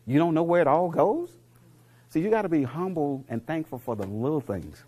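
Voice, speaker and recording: A middle-aged man giving a motivational speech to a live audience, telling coaching stories and quizzing the crowd, dropping to low murmurs and then rising to loud punchlines. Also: expressive, normal speed, slightly rough. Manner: preachy storyteller, asks the crowd questions, swings from low murmurs to loud punchlines. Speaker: motivational speaker.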